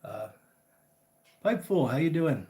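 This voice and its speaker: A man's voice: fairly high pitch, a little slow. A man chatty livestream host. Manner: chatty, greets viewers by name, relaxed and friendly. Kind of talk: casual live chat.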